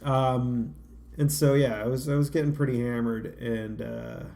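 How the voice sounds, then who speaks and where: A man's voice: mid-range voice, steady tone, a little slow, gravelly, dark tone, slight background noise. A man co-hosting a casual podcast chat, telling rambling, self-deprecating stories with lots of restarts. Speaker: podcast co-host.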